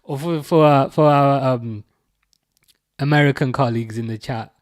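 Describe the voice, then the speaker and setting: Here a young English livestream host chats casually during a football watch-along, reading and mocking viewer comments while rambling with lots of fillers and false starts. He speaks at normal speed with a medium pitch, captured in clean studio sound with no room noise.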